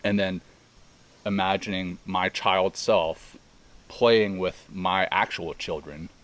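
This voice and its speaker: A man's voice: deep voice, steady tone, slow pace, fairly bright tone. A man co-hosting a podcast, sharing a personal experience in earnest, emotional conversation. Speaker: podcast co-host. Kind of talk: reflective casual conversation. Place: retreat center in Costa Rica.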